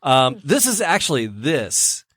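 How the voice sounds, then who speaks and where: A man's voice: medium pitch, very animated, measured pace, fairly bright tone, no room sound, studio quality. Rambling joking podcast host, a man. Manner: rambling storyteller, many fillers and restarts; joking, crude banter. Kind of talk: casual chat.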